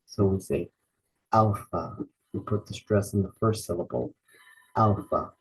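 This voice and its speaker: A man's voice: low-pitched, fairly quick, warm tone, breathy edge, rough recording. A man teaching a beginners' Bible study lesson, patiently sounding out and repeating each letter. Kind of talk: slow spelled-out lesson.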